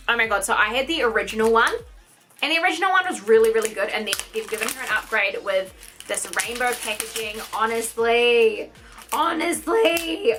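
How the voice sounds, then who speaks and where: A young woman vlogging a makeup unboxing, gushing and gasping with endless excitement. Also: a little high. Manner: gushing, gasping, lots of "oh my god" and "honey". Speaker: beauty vlogger.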